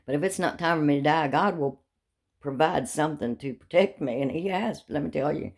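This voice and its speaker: A woman's voice: sits low, fairly quick, a little mellow, slightly rough. A middle-aged woman telling rambling personal stories in a talkative way, with morbid jokes and frequent laughs. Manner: talkative, darkly joking, laughs often. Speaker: vlogger telling life stories.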